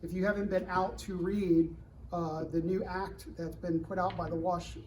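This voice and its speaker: A middle-aged man giving a fireside chat to students at a live event, animated and full of rhetorical questions to the crowd. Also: sits high, moderate pace, distant mic, a little hiss or hum, rough recording. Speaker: government security director speaking to students. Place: university event room.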